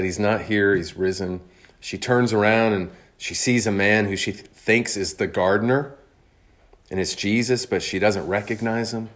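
Guy preaching, lowish voice, earnest and slow on the big lines. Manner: earnest, measured preaching with slowed emphatic phrases. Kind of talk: sermon.

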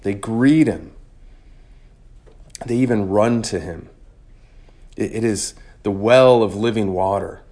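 A man preaching a sermon in an earnest, measured way, slowing down on key phrases. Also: lowish voice, dark tone.

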